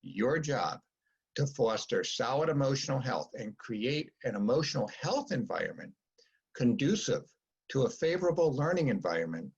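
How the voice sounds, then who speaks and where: Husky man coaching parents, lo-fi sound. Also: medium pitch. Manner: animated, coaching, acts out parent and child quotes. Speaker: psychologist giving a parent talk. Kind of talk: informal lecture to parents. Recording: dull lo-fi sound.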